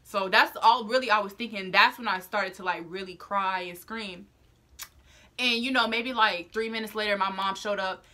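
A young woman vlogger telling a personal story to her viewers in a chatty, animated, slang-filled way. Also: medium pitch, moderate pace. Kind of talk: storytime vlog.

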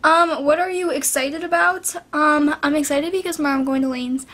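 A high-pitched teenage girl talks straight to her camera at home, answering viewer questions in a loose, rambling chat. Her voice is rough and hoarse after a recent sinus infection. She strings thoughts together with "like" and "um". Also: steady tone, fairly quick, fairly bright tone. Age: teens. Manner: rambling, filler-heavy, lots of "like". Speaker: vlogger.

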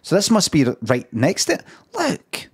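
A man's voice: a little high, very animated, a little fast, breathy edge. A Scottish man streaming, making dry, mumbling asides as he browses photos. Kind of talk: casual commentary while browsing photos.

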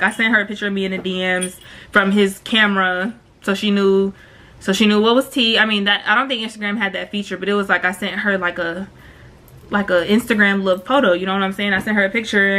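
A woman telling a story on her vlog in slangy casual chat, acting out what people said. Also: medium pitch. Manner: slangy, animated, acts out quoted voices. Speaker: storytime vlogger.

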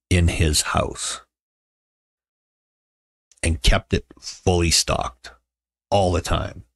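Deep gravelly middle-aged man. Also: dry recording. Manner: sarcastic, joking, reads out viewer comments. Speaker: livestream host chatting with viewers. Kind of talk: casual chat.

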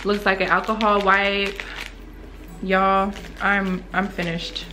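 A young woman with an excited casual unboxing vlog, gasping and exclaiming as she opens packages. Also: takes it slowly, a little hiss or hum. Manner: gasping, exclaiming, swooping up high when thrilled. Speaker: beauty vlogger unboxing small-business packages.

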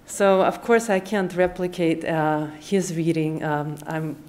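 A woman with a Russian accent, an assistant professor who introduces and reads a poem aloud at a public event, hesitant in her asides and measured once she reads. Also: sits low, steady tone, darkish tone, slight background noise. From Uzbekistan. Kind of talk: poetry reading at a public event.

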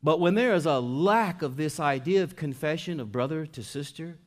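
A man preaching a sermon as pastor in a conversational style, dropping to soft asides and rising to loud emphatic stretches. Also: a little high, lively intonation, normal speed.

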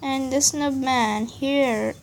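A woman's voice: sits high, fairly even intonation, slow, slight background noise. A young woman hosting her gaming channel, ranting in annoyance over a game with muttered asides. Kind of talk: casual game commentary.

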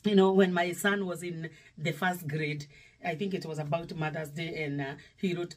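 Her voice is on the low side and moves at a moderate pace as this middle-aged Kenyan pastor, speaking with a Kenyan accent, preaches a devotional sermon. She's emphatic, repeating phrases and suddenly raising her volume in exclamations.

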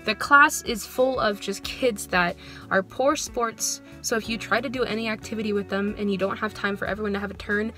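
A young woman in her twenties, an elementary school music teacher, vents in a casual vlog with soft background music. Her medium-pitched voice is brisk and sharp with fairly even intonation, and she rambles through her story, saying "like" constantly. She sounds dejected and low on motivation.

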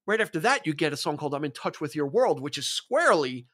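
A man with a somewhat high voice talks at length on a casual music podcast. He is enthusiastic and rambling, with plenty of fillers and restarts as he works through his thoughts. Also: very animated, quick pace, a bit bright. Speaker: podcast co-host.

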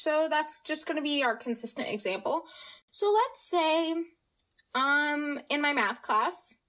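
A teenage American girl hosting a casual podcast, chatty and upbeat, jumping between quick asides. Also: high-pitched, a bit bright. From United States. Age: teens. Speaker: podcast host. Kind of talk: casual chat.

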